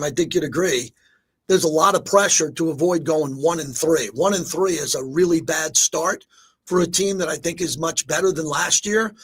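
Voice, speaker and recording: A man's voice: fairly high pitch, fairly bright tone, husky. A man hosting a sports talk radio show, talking emphatically and with animation to his listeners from a studio.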